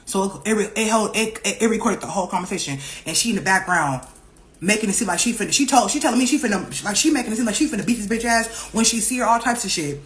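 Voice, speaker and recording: A young woman telling her story on camera in a loose, chatty way, swearing freely and circling back over the same points. She keeps her pitch in the middle range for a woman's voice and jumps into other people's lines as she goes. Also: fast talker. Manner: animated, profane, repeats herself, acts out other people's lines. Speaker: vlogger. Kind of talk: casual storytime vlog.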